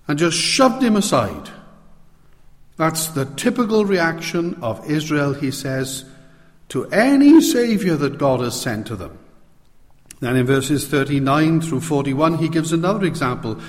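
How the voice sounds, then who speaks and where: A man giving an expository sermon, reading scripture aloud slowly and with heavy stress on key words. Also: a little high, big pitch swings. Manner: reads scripture aloud with slow, emphatic stress. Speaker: preacher. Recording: long hall reverb.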